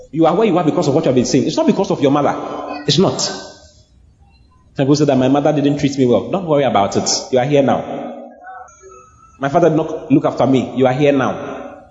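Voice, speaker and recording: A man's voice: medium pitch, darkish tone, slight background noise. A man preaching a sermon emphatically, repeating lines and calling on the congregation to repeat after him. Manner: emphatic, repetitive call-and-response preaching. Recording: echoey hall, muffled audio.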